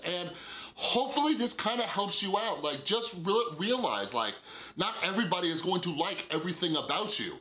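A man's voice: fairly high pitch, pushed and bright, reverberant. A man with a nasal voice talking casually and earnestly to camera in a mental health vlog, full of fillers and asides.

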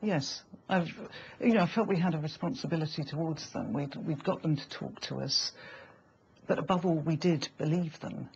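Brief: interviewee, gravelly voice, hesitant and reflective, light hiss behind. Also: medium pitch, moderate pace. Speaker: former programme journalist interviewed. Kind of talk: interview answers. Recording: slightly dull, faint background hiss.

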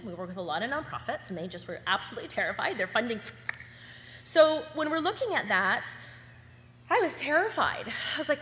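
A woman agency owner giving a lively conference talk, acting out the dialogue she quotes. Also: mid-range voice. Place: conference hall. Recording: echoey hall with faint hum.

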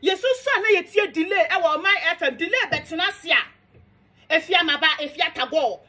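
A woman's voice: extremely high pitch, a little fast, sharp tone. A young Ghanaian woman delivering a heated, defiant, scolding monologue rant. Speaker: social media commentator.

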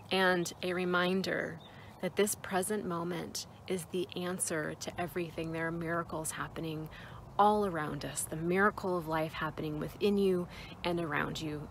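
Soft emotional lady doing a mindful nature talk, lowish voice, faint outdoor hiss behind. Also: creaky. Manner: gentle, heartfelt and emotional, slow pauses. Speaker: mindfulness vlogger. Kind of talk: reflective spoken meditation talk.

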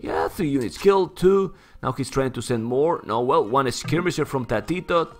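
A man with a Spanish accent, Spanish as his first language, giving excitable live commentary on a strategy game and calling everyone "man". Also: mid-range voice, normal speed. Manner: excitable, keeps saying "man", surges into shouts when hyped. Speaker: esports caster.

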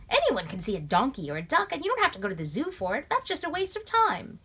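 A woman's voice: sits low, lively intonation, moderate pace. A woman reading aloud, voicing a cheeky, scoffing middle boy who teases his sister.

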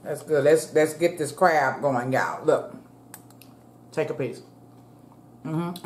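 Middle-aged woman host, talks casually while eating, low voice, roomy echo. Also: takes it slowly. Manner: chatty, eats between sentences, addresses viewers as y'all. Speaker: mukbang vlogger. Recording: echoey room.

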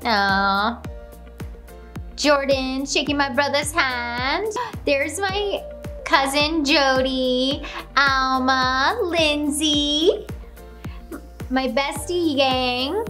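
A woman's voice: high-pitched, drawn-out words, pauses often, sharp tone, faint music behind. A woman casually reacting to her own video, gushing and bubbly, often gasping and laughing.

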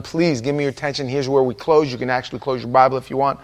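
A man's voice: mid-range voice, fairly even intonation, quick pace, hardly any pauses. A man preaching an informal Bible-study sermon in a church, chatty and joking with his congregation. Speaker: pastor. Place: church sanctuary.

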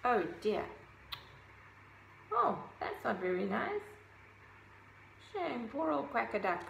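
A woman reading a children's picture book aloud, gently adding her own asides about the pictures. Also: a little high, sing-song, takes it slowly, gravelly, a little hiss or hum, poor audio. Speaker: storybook reader.

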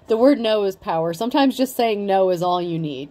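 A woman's voice: mid-range voice, expressive, a little fast, hardly any pauses, mellow. A woman giving a casual tarot reading, chatty and blunt, swearing freely and saying "like" a lot. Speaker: tarot reader.

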